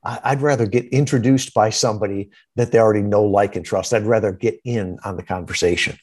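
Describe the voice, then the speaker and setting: A man's voice: lowish voice, a little fast, a little mellow, slightly rough. A man guesting on a podcast interview, answering in punchy, quotable lines and often checking in with "right?". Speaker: podcast guest, marketing founder.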